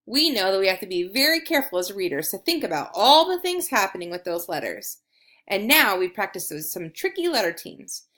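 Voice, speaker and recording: A woman teaching an early reading lesson to young children, speaking in an encouraging, clear way. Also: medium pitch, big pitch swings, fairly quick, a bit bright.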